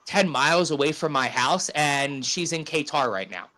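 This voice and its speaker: A man's voice: fairly high pitch, expressive, moderate pace, pushed and bright. A man co-hosting a casual podcast, ranting with profanity and a string of rhetorical questions. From Arizona. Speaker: podcast co-host.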